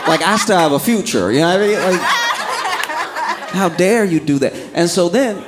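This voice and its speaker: Young male stand-up, a bit high-pitched, animated, keeps cracking himself up; noisy live club sound. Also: moderate pace. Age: young adult. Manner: animated, laughing through his own story. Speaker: stand-up comedian. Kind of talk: stand-up storytelling.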